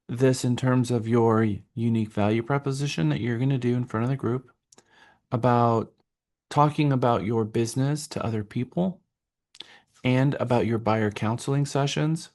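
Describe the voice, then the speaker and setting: A man's voice: mid-range voice, darkish tone. A man leading a live real estate workshop and giving instructions to participants, talking in a directive, stop-and-start way with fillers.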